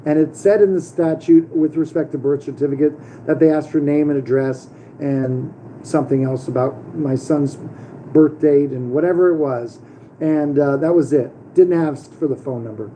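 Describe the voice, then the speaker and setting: A man's voice: on the high side, fairly even intonation, normal speed, warm tone, a little hiss or hum, low-quality recording. A middle-aged man talking casually to camera as the host of his own channel, rambling with many fillers and restarts. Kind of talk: casual vlog monologue.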